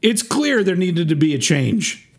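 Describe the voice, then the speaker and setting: Animated ranting man on a podcast. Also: high-pitched, a little slow, gravelly. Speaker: podcast co-host. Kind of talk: casual review chat.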